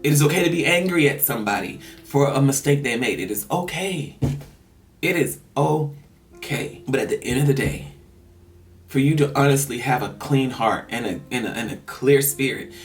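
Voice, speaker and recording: A man's voice: medium pitch, expressive, moderate pace. A man giving an earnest, rambling personal monologue as a vlogger, sighing between his thoughts. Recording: somewhat distant mic, faint music.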